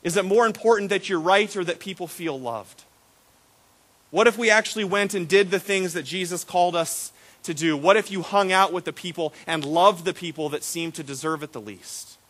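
A man preaching a sermon as a pastor, animated and repetitive when excited, acting out the voices in his stories. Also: sits high, normal speed. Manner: animated storytelling, acts out quoted voices; repeats words and restarts when excited.

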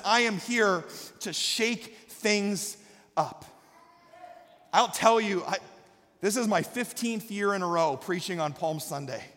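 A male pastor preaching a sermon with passion, swinging from quiet reflection to shouted calls to the congregation. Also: high-pitched. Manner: impassioned, rising to shouts, calling out to the congregation. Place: church sanctuary. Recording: long hall reverb.

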